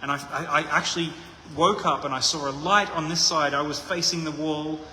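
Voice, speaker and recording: A man's voice: fairly high pitch, steady tone, brisk, pushed and bright, a little hiss or hum. Man preaching in an echoey hall. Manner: conversational, thinks aloud with many restarts. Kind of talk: sermon. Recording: echoey hall with long reverb.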